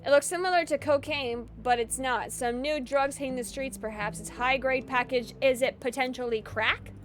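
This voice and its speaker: A woman's voice: sits high, normal speed, a little hiss or hum. A woman streamer giving chatty, casual gaming commentary, giggling often and swearing casually.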